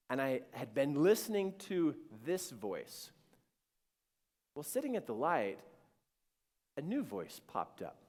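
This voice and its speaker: A man shares a personal story in an earnest, dramatic way, acting out his own inner dialogue. His voice sits fairly high for a man and rises and falls with a very lively range. The sound carries a long reverb, as if in a large hall. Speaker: speaker sharing a personal story.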